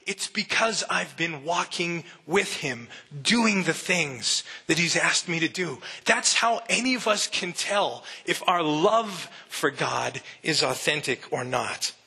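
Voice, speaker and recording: Earnest bright-voiced male pastor preaching. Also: on the high side, animated, slow, few pauses, husky. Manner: earnest, conversational preaching with frequent restarts. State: emotional, near tears. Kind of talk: sermon. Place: church sanctuary.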